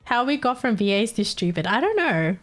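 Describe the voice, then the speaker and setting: A woman's voice: a little high, big pitch swings, brisk, faint music behind. Giggly Australian woman streamer. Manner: giggly, chatty, mocks accents. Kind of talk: casual live-stream chat.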